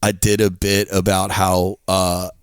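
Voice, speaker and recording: Low-voiced man with a Delco accent. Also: completely flat delivery, unhurried, smooth, dry recording, studio quality. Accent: Delaware County, Pennsylvania. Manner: rambling, profane storytelling with acted-out quotes. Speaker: podcast co-host, stand-up comedian. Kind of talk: casual podcast chat.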